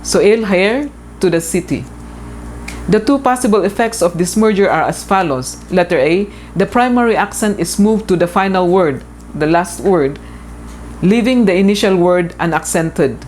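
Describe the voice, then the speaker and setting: In a recorded lecture, a female instructor with a low, darkish voice and lively intonation explains things patiently, repeating key points and pausing on fillers. A faint hiss sits under the recording.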